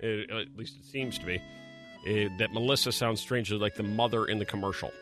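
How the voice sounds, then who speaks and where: A man's voice: fairly low pitch, fairly even intonation, brisk, music in the background. A man hosting a morning radio show, joking with his co-hosts and directing the crew.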